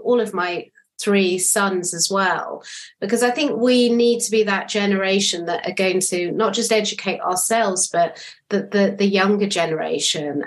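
Earnest middle-aged woman telling her story. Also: mid-range voice. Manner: earnest, animated storytelling with frequent restarts. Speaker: guest. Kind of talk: interview conversation.

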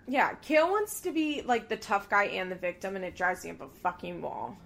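Animated swearing woman podcast co-host. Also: medium pitch, brisk, creaky. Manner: animated, swears freely, acts out quotes. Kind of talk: casual reality-TV recap chat.

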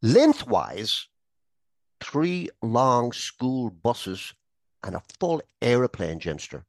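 A man's voice: mid-range voice, very animated, drawn-out words, a little mellow, no room sound, studio quality. A man co-hosting a comedy podcast, reading trivia in a playful, teasing way and laughing often. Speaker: podcast co-host.

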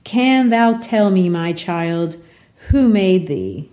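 A woman's voice: lowish voice, lively intonation, slow pace, warm tone. A woman voicing a solemn elderly male Puritan minister, asking questions in stiff archaic words.

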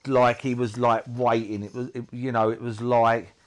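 Guy in an interview, mid pitch, stumbles a lot, lots of like and you know. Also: flat delivery. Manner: halting, repeats himself, many fillers. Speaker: guest. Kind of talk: emotional personal interview talk.

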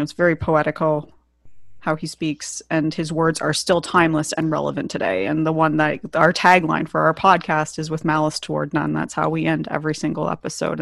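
A woman's voice: deep voice, creaky, no echo, clean studio sound. A woman co-hosting a podcast, speaking thoughtfully with some hesitations. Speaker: podcast co-host. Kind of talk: casual chat and recitation.

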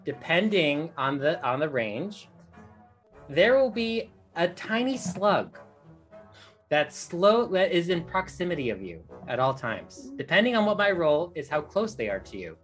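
A low-pitched woman runs a tabletop game as dungeon master, stopping and restarting as she explains homebrew rules. Soft music plays faintly behind her. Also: very animated. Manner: halting, many fillers and restarts.

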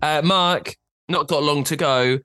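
A man co-hosting a podcast, rambling casually with frequent halting restarts. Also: on the high side, music in the background. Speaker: podcast co-host. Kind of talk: casual chat.

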